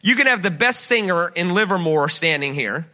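A man preaching a sermon as a guest speaker in a church, energetic and conversational, with lots of rhetorical questions to the congregation. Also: sits high, moderate pace. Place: church sanctuary.

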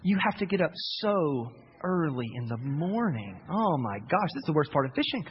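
A high-pitched man preaches as a pastor in a church, animated and chatty, often repeating himself as he tells a story. His voice carries a long hall reverb, and the sound is dull with faint noise behind it. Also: normal speed. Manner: animated, repeats words, quotes people in character. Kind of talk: sermon with storytelling.

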